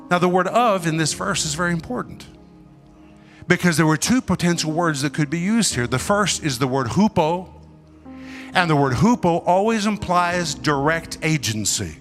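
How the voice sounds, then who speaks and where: A man preaching a sermon with emphatic, dramatic delivery, pausing and swinging between loud and soft. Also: on the high side, animated, faint music behind.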